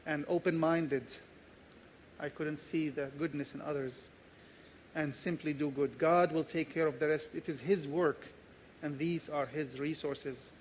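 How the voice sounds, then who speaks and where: A man's voice: fairly high pitch, a little slow, a little hiss or hum. A man from Jordan preaching a sermon as pastor, telling a personal story and acting out its dialogue. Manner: animated storyteller, acts out dialogue.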